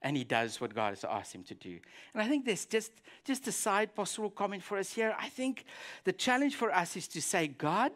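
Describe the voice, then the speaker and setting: A man's voice: high voice, normal speed. A man preaching a sermon as a pastor, telling a Bible story and acting out the prayers in it. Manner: animated storytelling, acts out quoted prayers.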